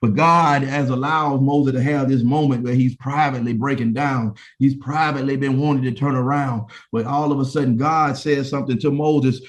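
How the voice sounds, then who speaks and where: A man's voice: mid-range voice, steady tone, normal speed, few pauses. A man preaching a sermon, building emphatic repetitions into impassioned pleas. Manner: repetitive preaching cadence, rising to an impassioned plea. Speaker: pastor.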